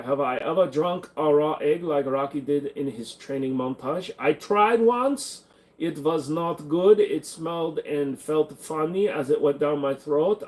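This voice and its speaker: A man's voice: on the high side, a little mellow. A man hosting a livestream, answering viewer questions in casual chat with a crude, joking, offhand manner.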